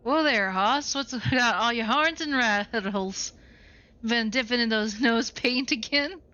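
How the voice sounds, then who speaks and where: A homespun old-west cowboy sidekick drawls in folksy slang, as a woman puts him on. The voice is bright and pointed. The lo-fi recording sounds dull. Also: a little high, takes it slowly, pitched above the performer's own voice.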